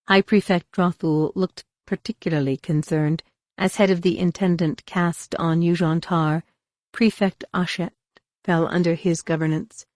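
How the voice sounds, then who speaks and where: A woman's voice: fairly low pitch, fairly even intonation, unhurried, darkish tone, no echo, clean studio sound. A woman narrating a science-fiction audiobook dramatically, voicing the characters. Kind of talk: scripted narration.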